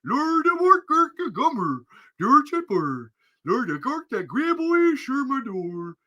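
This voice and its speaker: A man's voice: extremely high pitch, big pitch swings, slow pace, bright, forceful tone, pitched above the performer's own voice, full character voice. A man voicing a babbling comic puppet chef in sing-song mock gibberish. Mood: silly.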